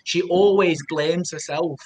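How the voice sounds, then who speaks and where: A man speaking as a guest on a video call, giving emotional personal testimony in an earnest, halting way, often repeating words. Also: on the high side, steady tone, darkish tone, rough recording. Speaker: guest, trauma support group founder.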